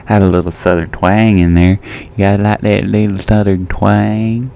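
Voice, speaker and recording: A man's voice: fairly low pitch, little pitch movement, normal speed, gravelly, hardly any pauses, dark tone, slight background noise. A young man from the Midwest hosting a casual solo podcast, joking and laughing at himself and going off on tangents. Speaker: podcast host.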